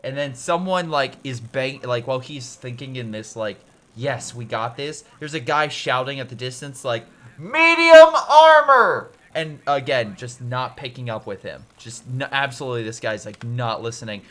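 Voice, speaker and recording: A man's voice: medium pitch, normal speed, hardly any pauses, fairly bright tone. A man giving casual commentary on a strategy game replay, with frequent self-corrections and filler, and he breaks into exasperated, swearing rants.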